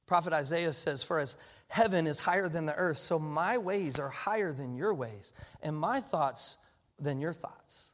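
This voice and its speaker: High-voiced pastor preaching in a reverberant hall. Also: male voice, expressive, normal speed. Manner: conversational, repeats words and restarts, acts out quoted voices. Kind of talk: sermon. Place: church auditorium.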